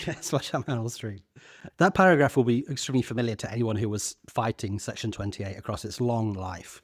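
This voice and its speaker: A man's voice: mid-range voice, a little fast, slightly rough, no echo. Guy in his 30s, earnest podcast chat, stumbles a bit, dry mic. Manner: earnest, a few stammered restarts. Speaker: podcast co-host. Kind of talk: casual discussion.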